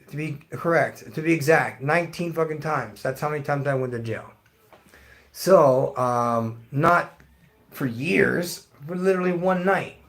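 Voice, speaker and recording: A man's voice: on the high side, gravelly. A middle-aged man hosting a live stream, ranting bluntly to his chat and swearing constantly. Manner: blunt, heavily profane, ranting. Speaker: livestream host. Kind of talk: profane rant to live chat.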